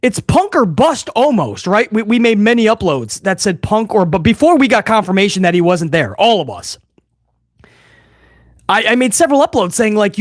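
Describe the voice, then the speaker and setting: A man hosting a live wrestling reaction stream, talking casually and excitedly, swearing and calling his viewers bro. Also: sits high, dry recording, studio quality. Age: older adult fan. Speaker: livestream host reacting to wrestling.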